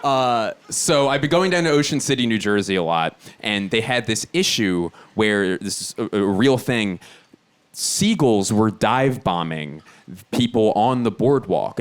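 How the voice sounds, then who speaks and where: A male comedian in his thirties performs a stand-up set on stage, his pitch swinging widely as he tells stories. He sounds incredulous and breaks into sudden high outbursts. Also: lively intonation, a little slow, smooth. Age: 30s. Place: comedy stage before a live audience.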